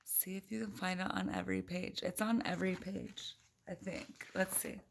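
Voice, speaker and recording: Playful mom reading a storybook aloud. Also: female voice, medium pitch, very animated, moderate pace, vocal fry, slight background noise. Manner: playful, giggly, makes animal noises. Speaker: parent reading to her children. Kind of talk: reading a picture book aloud with chatty asides.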